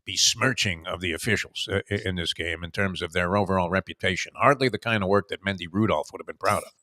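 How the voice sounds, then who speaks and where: A man hosting a sports talk show, telling rambling stories with many filler pauses. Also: deep voice, sharp tone, no room sound, studio quality. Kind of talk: casual sports talk with a co-host.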